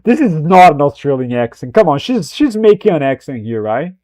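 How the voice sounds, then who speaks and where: Mellow-voiced man rambling while reacting. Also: fairly high pitch, very animated, a little fast, no room sound, clean studio sound. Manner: swears freely, rambling, laughs at himself. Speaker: streamer reacting to a film clip. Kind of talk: casual reaction commentary.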